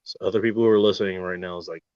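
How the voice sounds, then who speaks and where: A man delivers a swearing, mock-serious rant as the host, hammering rhetorical questions. His volume lurches from bursts to quiet mutters. The recording is dull and lo-fi, with a dry, close sound. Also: deep voice, steady tone, racing, clear, resonant tone, no room sound. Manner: swings from loud outbursts to near-murmurs.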